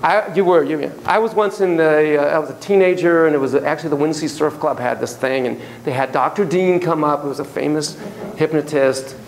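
A man lectures a university class on psychotherapy in a fairly quick, high-leaning voice with vocal fry. He's an animated storyteller, sharing casual, self-deprecating anecdotes with frequent asides and acting out the voices he quotes. The audio is poor, with slight background noise.

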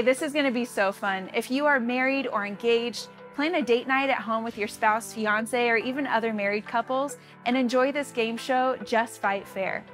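An upbeat woman reads church announcements and invites viewers to take part. Her voice sits a little high, with faint music playing underneath. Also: fairly bright tone. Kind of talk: scripted announcements.

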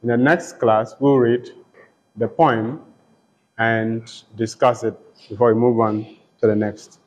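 A man lecturing a class on poetry, speaking deliberately and counting syllables aloud. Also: mid-range voice, fairly even intonation. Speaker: literature lecturer. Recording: long hall reverb.

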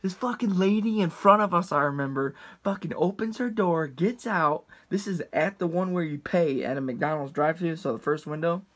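A storyteller vlogger in his twenties tells a rambling, heavily profane story in a casual way, full of restarts and asides. He acts out quoted voices with big pitch jumps. His tone is fairly bright, his pace moderate, and he pauses little.

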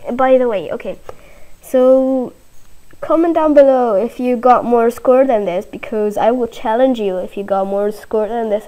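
A woman giving playful gameplay commentary, giggly and easily panicked, bursting into shrill cries of no. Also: low-quality recording. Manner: excitable, breaks into high panicked shrieks of "no"; giggly and playful between outbursts. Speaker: gaming video host.

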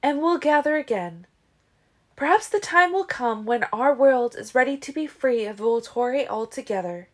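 A woman's voice: sits high, expressive, normal speed, pitched above the performer's own voice. A woman voicing a fierce, sarcastic female vampire leader in an audiobook reading. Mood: confident. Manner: sarcastic, forceful, laughing.

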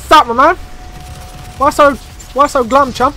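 A young man playing a shooter game, swearing and shouting trash talk at the enemies as he plays. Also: very high voice, steady tone, a little slow, over music. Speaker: gamer. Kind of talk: let's play commentary.

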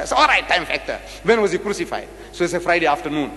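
A man's voice: a little high, lively intonation, quick pace, pushed and bright. A man from Africa, giving a religious debate lecture, dramatic and rhetorical, firing questions at the audience and acting out debates. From South Africa. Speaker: public lecturer. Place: large lecture hall. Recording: live hall recording with long reverb.

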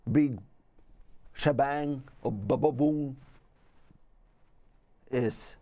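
Guy hosting a goofy talk show, slow talker, voice bounces up and down a lot. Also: mid-range voice, a little mellow. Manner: slow, playful, rambling asides. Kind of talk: playful comedic monologue.

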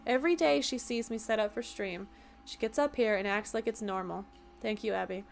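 A woman streaming a game chats casually to her viewers, sounding tired as she rambles and jokes at her own expense. Her mid-range voice is a little fast with vocal fry, and faint music plays behind her.

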